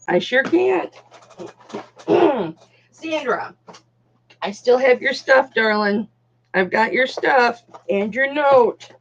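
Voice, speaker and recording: A woman's voice: on the high side, lively intonation, slow, a little hiss or hum. A woman hosting a live online jewelry auction, chatting casually and calling viewers darling, honey and doll. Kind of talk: casual live-stream selling chat. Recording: dull lo-fi sound.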